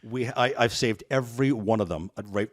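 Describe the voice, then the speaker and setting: A man telling stories as a guest in a podcast interview, energetic and rambling. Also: mid-range voice, brisk. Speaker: guest realtor.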